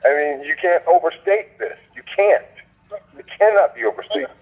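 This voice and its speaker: A man's voice: on the high side, animated, normal speed. Fervent man preaching over a phone line. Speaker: host of a sales conference call. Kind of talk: motivational preaching.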